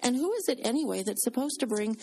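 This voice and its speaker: A woman's voice: a little high, expressive, quick pace, a little mellow. A woman co-hosting a Christian radio talk show, chatty, with many fillers and restarts. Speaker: radio co-host. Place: radio studio.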